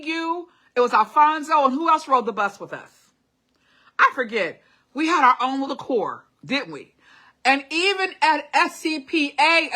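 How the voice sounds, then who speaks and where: In a casual live motivational stream, a middle-aged woman reads comments aloud and spurs viewers on with short repeated urgings, laughing often. Her voice is high and sharp, trained in the classical singing style.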